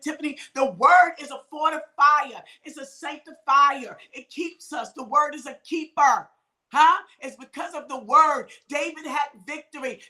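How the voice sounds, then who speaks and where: A woman minister, preaching to an online audience in call-and-response style, breaking into shouts and drawing phrases out slowly. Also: high voice. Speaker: minister hosting a midday talk.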